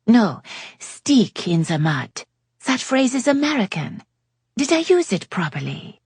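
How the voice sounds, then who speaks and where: Worldly flirt with a French lilt, read by a woman narrator, breathy and close-miked. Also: big pitch swings, darkish tone, no echo, full character voice. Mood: teasing. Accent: put-on French. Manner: playful, drawn-out, high and lilting.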